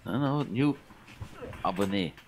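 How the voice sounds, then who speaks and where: A native Dutch-speaking man with a very low voice talks slowly as a guest on an online call. His answers are short and halting, in relaxed, casual chat. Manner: halting, brief replies. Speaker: livestream guest.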